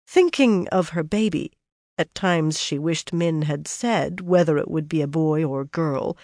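An audiobook narrator reading a fantasy novel in a measured, even storytelling manner. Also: mid-range voice, no echo, clean studio sound.

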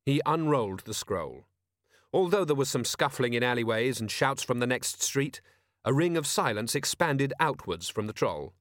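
Dry, measured male audiobook narrator. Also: medium pitch, lively intonation, no room sound. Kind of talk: scripted narration.

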